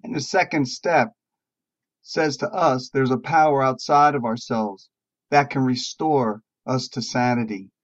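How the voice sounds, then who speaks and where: Slow-telling preacher man, muffled recording. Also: mid-range voice, fairly even intonation. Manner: slow, drawn-out telling with emphatic rises. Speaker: preacher at a recovery meeting. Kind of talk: sermon storytelling. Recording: dull lo-fi recording.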